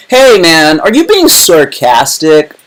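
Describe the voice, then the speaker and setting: A man's voice: on the high side, fairly bright tone, rough recording. A man hosting a casual livestream, rambling and joking in heavy slang. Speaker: livestream host.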